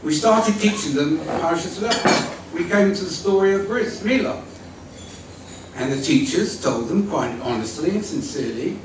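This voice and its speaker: A man's voice: a little high, normal speed, noisy background. An older man giving a storytelling talk at a community evening, acting out the people in his story, recorded from a distance in a large hall. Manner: vivid storytelling with acted-out quotes, lively. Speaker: speaker at a community evening, former school leader. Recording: echoey hall from far off.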